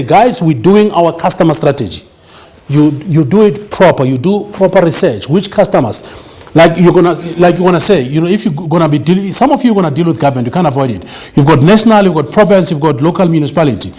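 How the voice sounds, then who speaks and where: A man's voice: fairly high pitch, a little mellow. A man giving an emphatic business seminar lecture, often checking that the audience understands. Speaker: business speaker.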